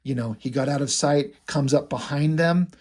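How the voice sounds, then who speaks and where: A man's voice: fairly high pitch, normal speed, darkish tone. A man casually recapping a comic book, loose and rambling with many fillers. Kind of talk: casual comic review narration.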